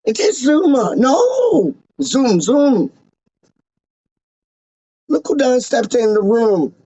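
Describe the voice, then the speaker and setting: A man hosting a livestream as a self-styled, snobbish Englishman, rambling slowly in pompous rhyming nonsense. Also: very high-pitched, very animated, dark tone, slightly rough, no echo, full character voice. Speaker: livestream host. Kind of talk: comic in-character livestream ramble. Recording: dull, lo-fi, dry sound.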